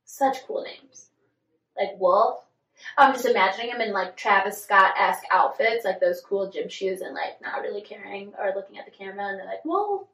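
A woman's voice: medium pitch, steady tone, moderate pace, fairly bright tone. A woman co-hosting a podcast, chatting casually about celebrity gossip and filling her talk with "like". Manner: chatty, many "like" fillers. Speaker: podcast co-host. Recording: echoey room, far from mic.

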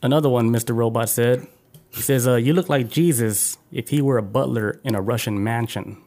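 A man's voice: mid-range voice, fairly quick, a little mellow. A man co-hosting a podcast in casual chat, easygoing as he brings up topics and reads quotes aloud. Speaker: podcast co-host. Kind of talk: casual chat, reading out news items.

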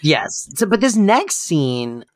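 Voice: medium pitch, very animated, slow pace, no room sound. Wry podcast co-host, dry close sound. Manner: wry, joking. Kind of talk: casual chat.

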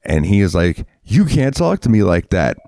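A man's voice: on the low side, very animated, moderate pace, mellow, no echo, studio quality. A man co-hosting a podcast, telling a heated, profane story in casual chat and acting out what people said. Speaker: podcast co-host.

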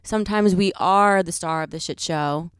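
A woman's voice: lowish voice, normal speed, clean tone, no echo, clean studio sound. A woman co-hosting a podcast in casual chat, upbeat and supportive. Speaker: podcast co-host.

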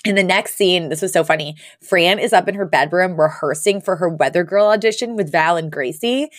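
A woman's voice: on the low side, brisk, no echo, clean studio sound. A woman co-hosting a podcast, recapping a sitcom episode in casual, giggly chat full of fillers. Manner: giggly, chatty, lots of fillers.

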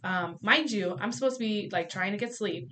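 A woman's voice: mid-range voice, normal speed. A woman with a mid-range voice tells a story casually and with a lot of energy, swearing freely and slipping into other people's voices. A faint hiss sits underneath the recording. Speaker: podcast guest.

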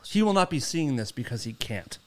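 A man co-hosting a casual podcast chat, making dark jokes in a dry, deadpan way. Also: mid-range voice, brisk, a crowd in the background. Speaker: podcast co-host.

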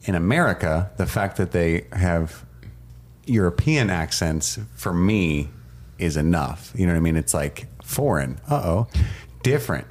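A man's voice: sits low, unhurried. A man co-hosting a casual podcast chat, joking and laughing often as he talks. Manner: jokey, laughs often, animated. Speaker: podcast co-host.

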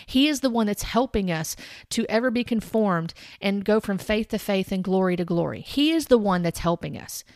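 A woman's voice: medium pitch, animated, moderate pace, a little mellow, dry recording, studio quality. A woman giving an earnest, corrective Bible commentary, citing chapter and verse and speaking straight to her viewers. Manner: addresses viewers directly. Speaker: Christian commentator.

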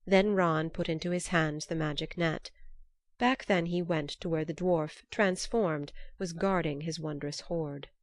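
A woman narrating an old myth in a measured, unhurried storybook reading. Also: low voice, fairly even intonation, dry recording.

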